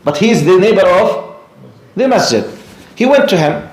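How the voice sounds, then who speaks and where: A man giving a storytelling religious lecture to a live class, animated and often asking the audience questions. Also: high voice, moderate pace. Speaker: Islamic lecturer. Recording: echoey room.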